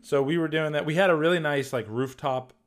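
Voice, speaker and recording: A man in his thirties with a Massachusetts accent, a podcast guest on a video call who tells loose, animated stories and swears freely. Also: fairly high pitch, fairly quick. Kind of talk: casual podcast chat.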